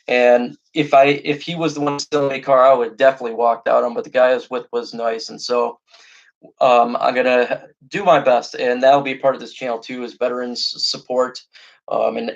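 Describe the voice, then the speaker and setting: Earnest rambling man, muffled sound. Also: mid-range voice. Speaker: fan show host, veteran. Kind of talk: casual monologue.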